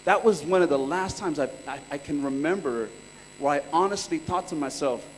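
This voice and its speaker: High-voiced laid-back man in a reverberant hall. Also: normal speed, a little hiss or hum. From California. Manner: laid-back, chatty storytelling with slang. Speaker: workshop speaker. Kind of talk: casual live presentation.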